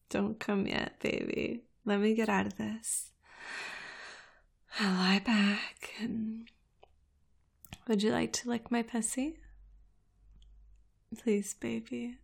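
Slow, giggly woman with a fry-edged voice. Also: a little high. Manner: giggly, moaning, breathy and intimate. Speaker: audio performer. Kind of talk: intimate erotic audio role-play.

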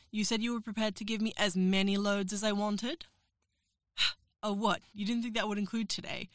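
A woman's voice: mid-range voice, little pitch movement, moderate pace, no echo, clean studio sound. A woman performing an erotic audio role-play as a professor, teasing, coaxing and giving orders.

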